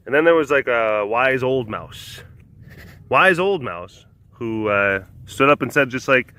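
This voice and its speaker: A man's voice: mid-range voice, lively intonation, unhurried, sharp tone. Rambling man retelling fables. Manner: rambling, lots of fillers. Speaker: host. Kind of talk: casual storytelling.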